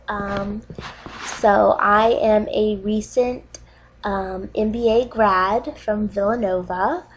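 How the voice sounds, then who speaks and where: An actress playing a nervous young woman recording an online dating video. She talks haltingly, with many fillers, and keeps choking up into tears. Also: on the high side, low-quality recording. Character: nervous young woman, overly emotional about cats. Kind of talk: comedic monologue to camera.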